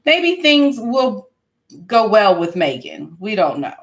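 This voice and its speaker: A woman's voice: mid-range voice, big pitch swings, slow. An American woman hosting a podcast, chatting casually and thinking aloud with lots of fillers and restarts. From United States. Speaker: podcast host. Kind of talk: casual chat.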